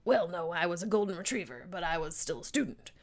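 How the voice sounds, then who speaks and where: A woman voicing a gruff, repentant male spork monster in a strained, gravelly voice, solemn and theatrical. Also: fairly low pitch, animated, fast.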